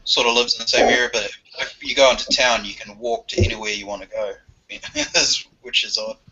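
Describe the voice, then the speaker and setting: A man from New Zealand chatting casually in an online hangout, relaxed and chatty. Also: medium pitch, a little fast, slight background noise. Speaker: hangout participant. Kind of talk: casual chat. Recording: muffled online call audio.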